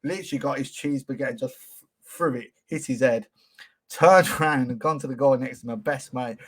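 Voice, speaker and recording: A man's voice: medium pitch, a little fast. A man hosting a podcast, telling a school memory in loose, sweary casual chat with chuckles. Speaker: podcast host.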